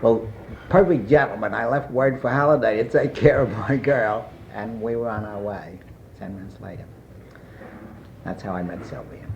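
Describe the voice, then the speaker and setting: An older man being interviewed, telling a long personal anecdote in a rambling way with many pauses and fillers. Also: on the low side, creaky, a little hiss or hum. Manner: rambling anecdotal, frequent "uh" and asides. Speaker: interviewee recalling his past. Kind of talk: oral history storytelling. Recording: muffled archival tape.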